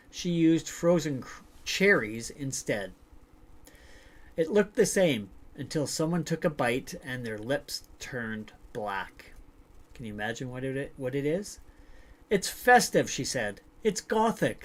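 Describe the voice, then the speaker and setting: A man hosting a livestream, reading short stories aloud and then chatting loosely with filler words. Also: mid-range voice. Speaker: livestream host. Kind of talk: casual livestream storytelling.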